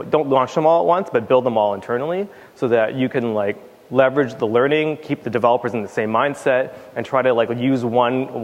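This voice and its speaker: A man giving a casual conference talk on stage, emphatic and fond of repeating words for stress. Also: mid-range voice. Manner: casual with fillers and restarts. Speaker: conference speaker. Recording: long hall reverb.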